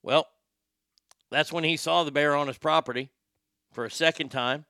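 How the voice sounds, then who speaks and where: A man's voice: a little high, steady tone, normal speed, bright, forceful tone, no room sound, clean studio sound. A man hosting a show, telling crude news stories in a sarcastic, joking way. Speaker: host. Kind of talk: casual comedic news commentary.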